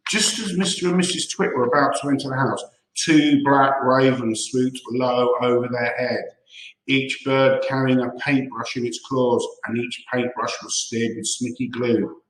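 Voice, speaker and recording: Man reading storybook, even and measured, roomy sound. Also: medium pitch. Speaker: story reader. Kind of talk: reading a children's book aloud.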